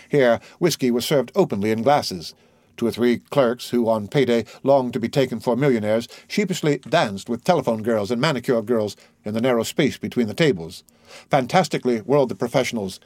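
A man's voice: medium pitch, darkish tone, no room sound. A man reading a novel aloud as a narrator, giving the dialogue light character voices. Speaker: audiobook narrator. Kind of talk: scripted narration.

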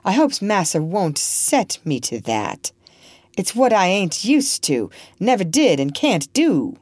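A woman voicing a gentle, steadfast older man who speaks softly and respectfully. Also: mid-range voice, sing-song, takes it slowly, no room sound, studio quality, pitched above the performer's own voice. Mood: pleading. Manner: quiet, soft and respectful.

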